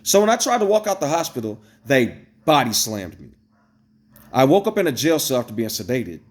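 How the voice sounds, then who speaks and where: Male vlogger, mid pitch, blunt and profane, animated rant delivered to camera. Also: fairly quick. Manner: blunt and profane, addresses viewers directly; animated, jumps between high exclamations and low asides. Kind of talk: casual ranting storytelling to camera.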